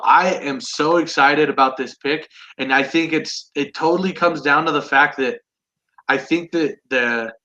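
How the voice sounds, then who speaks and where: A young man hosting a casual sports chat with friends, eager and quick to restart his sentences. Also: medium pitch, pushed and bright, muffled recording. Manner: enthusiastic, restarts often. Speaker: sports podcast host. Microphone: online call.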